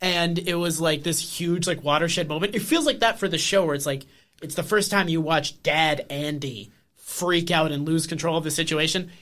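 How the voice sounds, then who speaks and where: A man's voice: on the high side, normal speed, fairly bright tone. A male podcast co-host rambles through a comic episode recap, stringing thoughts together with filler words. He swears freely and talks in a loose, casual way.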